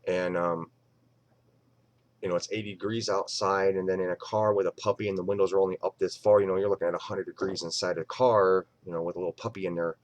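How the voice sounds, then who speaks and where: A man's voice: low voice, fairly even intonation, quick pace. Rambling, cussing man on a live stream. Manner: rambling, swears freely, acts out quoted voices. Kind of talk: casual live-stream chat. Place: home.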